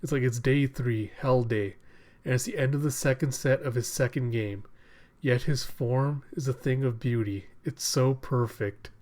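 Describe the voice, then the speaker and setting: A man reviewing a manga chapter, recapping the action and reading characters' lines aloud with excited bursts and frequent laughter. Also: medium pitch, normal speed. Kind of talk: reading and reacting to a comic chapter.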